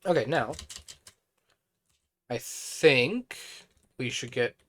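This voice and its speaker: Male streamer with a hoarse, worn voice at mid pitch, casual, mutters through tasks. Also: animated, very slow, a bit bright. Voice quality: thinks aloud, mutters to himself, chatty. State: hoarse, voice fading. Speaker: streamer playing a building game. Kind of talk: casual live-stream commentary.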